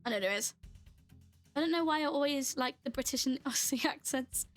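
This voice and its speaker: A woman's voice: high voice, a little fast, soft background music. A woman streamer chatting casually while playing a game, laughing often and answering her chat as she goes.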